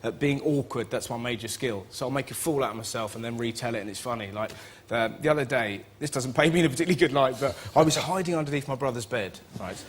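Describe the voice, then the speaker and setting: A man, telling animated comic anecdotes as a chat show guest and squealing for quoted voices. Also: mid-range voice, fast, hardly any pauses, slightly rough. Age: 20s. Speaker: comedian guest. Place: TV studio with audience.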